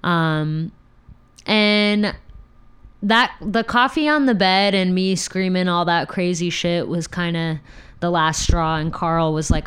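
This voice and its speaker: A woman's voice: on the low side, fairly even intonation, slow pace, a bit bright, clear, resonant tone. A young adult woman hosting a podcast, frankly telling a story from her own life, profane and laughing. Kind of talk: candid personal storytelling.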